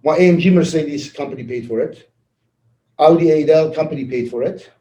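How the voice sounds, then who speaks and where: Animated man telling money stories. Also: a little high, fairly quick, roomy sound, low-quality recording. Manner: animated, acts out dialogue, laughs often. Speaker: network marketing leader. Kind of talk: casual motivational talk with storytelling.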